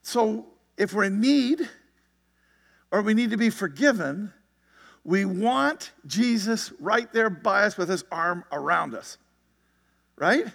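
Male pastor, conversational sermon delivery, high voice, long reverb. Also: animated, slow, gravelly, pauses often, fairly bright tone. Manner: conversational preaching with frequent "right?" and "you see it?".

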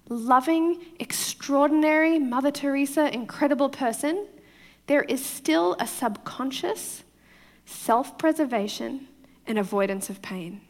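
Delivering a chatty, conversational sermon, this foreign-accented woman pastor laughs readily and keeps checking in with her listeners. She speaks at a measured pace in a high-pitched voice, with a long reverb tail.

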